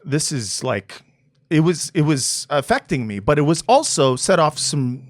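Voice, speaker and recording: A man hosting a podcast, musing casually with many pauses and fillers. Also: fairly high pitch, big pitch swings, no echo, clean studio sound. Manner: halting, filler-heavy musing. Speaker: podcast host. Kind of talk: casual reflective podcast talk.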